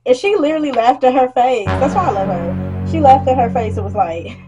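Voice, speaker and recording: A young woman vlogger telling a blunt, animated storytime rant about work, acting out what customers said and swearing freely. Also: sits high, a little fast, lo-fi sound, over music.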